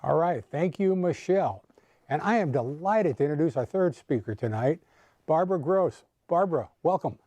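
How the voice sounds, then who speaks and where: A man's voice: fairly high pitch, expressive, normal speed, warm tone, no echo. A man hosting a speaking club meeting, introducing and interviewing speakers in an upbeat, encouraging way over a video call. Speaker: meeting host.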